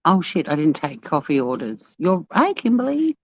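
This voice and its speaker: At a beachside cafe, a bubbly Australian woman chats casually to her livestream viewers, talking to the chat as she walks. Her voice is deep with big pitch swings and a darkish tone at a normal pace. The audio is dull, lo-fi phone sound with no room sound.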